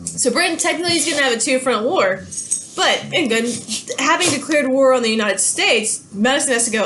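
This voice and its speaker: A woman's voice: high-pitched, lively intonation, fairly quick, fairly bright tone, a little hiss or hum. A woman giving a casual, chatty history lecture at home, easily distracted. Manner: chatty, easily distracted, talks to her dogs. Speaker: history teacher. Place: home with dogs.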